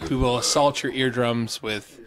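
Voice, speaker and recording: A man guesting on a casual beer podcast, wry and quick with one-line jokes. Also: mid-range voice, fairly even intonation, fairly bright tone, poor audio. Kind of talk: casual chat.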